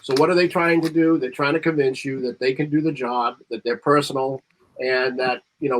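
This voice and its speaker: A man's voice: mid-range voice, steady tone, brisk. A man on a marketing panel talking casually and rambling, reading bits of ad copy aloud with extra emphasis. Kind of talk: casual chat.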